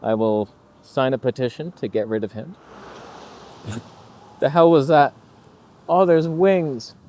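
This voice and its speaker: A man's voice: mid-range voice, takes it slowly, darkish tone. Wry rambling man vlogging around town. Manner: wry, rambling, jokey storytelling. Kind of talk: casual vlog chat. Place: walking outdoors in a small town.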